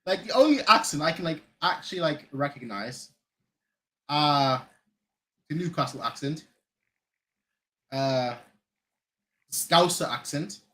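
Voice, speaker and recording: A German-born man hosting a live football watchalong, his voice sitting a bit higher than most men's. He talks loosely and rambles, circling back over his own phrases and leaning on filler words. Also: lively intonation, slow pace, pauses often, pushed and bright, low-quality recording. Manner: rambling, repeats phrases, frequent "like". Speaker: fan channel host. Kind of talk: casual live watchalong chat. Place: lives in Manchester.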